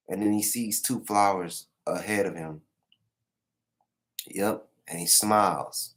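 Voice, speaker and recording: A man recapping manga chapters in a casual live reaction, animated and profane, acting out the characters' lines. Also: low-pitched, slow pace, long pauses. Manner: animated, acts out the characters' lines in raised voices, swears freely. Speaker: manga reviewer.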